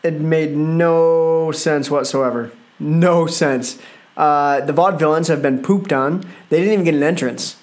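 A man's voice: a little high, unhurried. A young man reviewing a wrestling show in a casual, rambling, exasperated way, full of fillers. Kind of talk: casual solo commentary.

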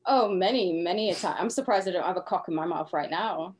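A woman's voice: on the low side, brisk. A Cumbrian woman co-hosting a podcast in blunt, sweary, laughing casual chat. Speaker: podcast co-host.

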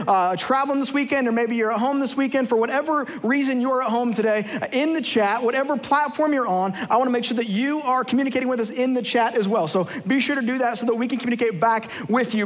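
Man, guest preacher, humorous sermon, very high voice, long hall reverb. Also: fairly bright tone. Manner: humorous, conversational, playfully acts out scenes. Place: large church hall with live audience.

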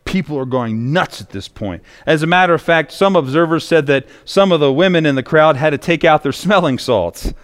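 A man's voice: a little high, expressive, fairly quick, hardly any pauses. A male pastor preaching a sermon in a church, telling stories with emphatic repetition. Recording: long echoey reverb.

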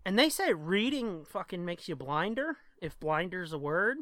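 Bright-voiced joking podcast host. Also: male voice, high voice, big pitch swings, moderate pace, dry recording. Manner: profane, joking, easily distracted. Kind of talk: casual chat.

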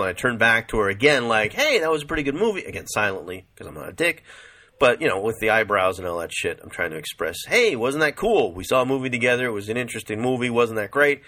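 A man's voice: on the low side, bright, forceful tone. A middle-aged man rambling casually about movies, swearing freely and calling the listener "dude". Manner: profane, rambling, says "dude" a lot. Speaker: vlogger.

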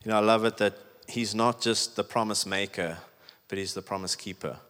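A low-voiced man preaching a casual, emphatic sermon, peppered with "like." His voice rings out in a large hall with a long reverb tail. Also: steady tone, moderate pace, fairly bright tone. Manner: conversational, emphatic preaching with many "like"s. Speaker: pastor.

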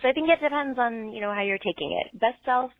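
A woman's voice: a little high, quick pace, no room sound. A woman calling in to a podcast, chatty, with lots of fillers. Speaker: caller. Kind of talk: voicemail call-in. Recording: dry tinny phone line.

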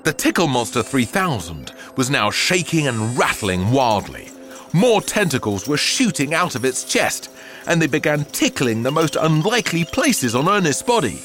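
A man narrating a children's story aloud with an expressive, theatrical delivery. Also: fairly high pitch, normal speed, faint music behind.

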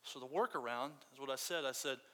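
A man's voice: mid-range voice, quick pace, fairly bright tone. A man preaching a sermon in a casual, storytelling way. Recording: long hall reverb.

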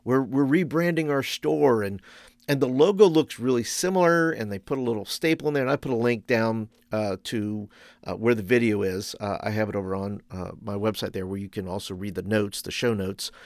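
A man with a lowish voice hosts a youth ministry podcast, speaking briskly in a dry recording. His monologue is conversational, packed with fillers and restarts, and he laughs at his own stories.

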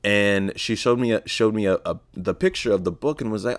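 A man's voice: lowish voice, a little fast, hardly any pauses, no echo. A young man hosting a casual solo podcast, rambling and sarcastic, with frequent swearing and self-corrections. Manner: profane, rambling, sarcastic asides. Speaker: podcast host.

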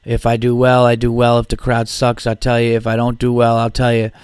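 A man's voice: mid-range voice, completely flat delivery, fairly quick, darkish tone, clean tone, no room sound, studio quality. A male comedian and podcast host telling a story in a casual, profane and exasperated rant.

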